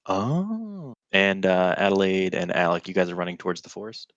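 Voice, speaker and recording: A man's voice: sits low, monotone, quick pace, a bit bright, smooth, no echo. A man playing in a tabletop game, joking and brash while asking about the fight, on a dull, dry recording. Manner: brash, jokey player chatter. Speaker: guest player.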